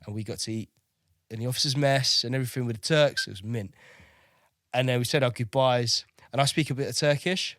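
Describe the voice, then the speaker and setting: On a podcast, a navy veteran from Kosovo in his thirties chats through his war stories, swearing freely and doubling back on words. His mid-range voice is brisk and fairly bright, and there's a little hiss or hum.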